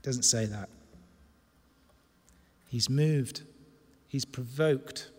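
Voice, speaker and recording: A man preaching a sermon in a church hall, animated and emphatic, moving from loud emphasis to hushed stress. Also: mid-range voice, drawn-out words. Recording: long reverb of a large hall.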